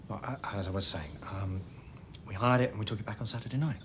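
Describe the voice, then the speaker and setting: A man's voice: lowish voice, quick pace, noisy background, lightly acted. An actor playing a nervous young man who stumbles and hesitates over his words.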